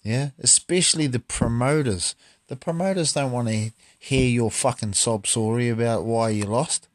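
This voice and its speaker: A man's voice: mid-range voice, moderate pace, no echo, clean studio sound. A man, a martial artist talking bluntly and profanely in a casual monologue.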